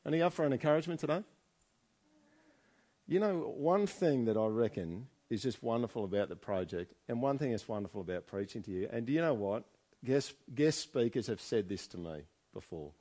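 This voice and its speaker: A man's voice: mid-range voice, expressive, fairly quick, dark tone. A man preaching a chatty sermon in a church, often asking the congregation questions. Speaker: pastor. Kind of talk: conversational sermon.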